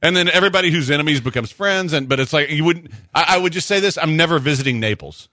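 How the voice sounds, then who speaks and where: A man hosts a sports talk show in easygoing banter. His voice is bright and lively, swinging freely in pitch as he tells stories. The sound is dry and close. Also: dry recording. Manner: animated storyteller, quick asides. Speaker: sports radio host. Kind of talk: casual radio banter.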